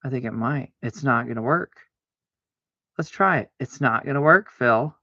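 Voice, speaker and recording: A man streaming a card game, chatting casually to himself, arguing back and forth aloud with sudden excited exclamations. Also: medium pitch, normal speed, no room sound, dull audio. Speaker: livestreamer playing solitaire. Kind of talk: casual self-talk while gaming.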